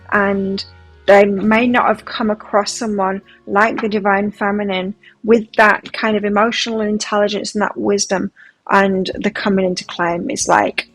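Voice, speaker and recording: An excitable woman gives a pick-a-card tarot reading, gasping and exclaiming as each card turns up. Her voice sits at an ordinary middle pitch. Soft music plays faintly behind her. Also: husky, low-quality recording. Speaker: tarot reader.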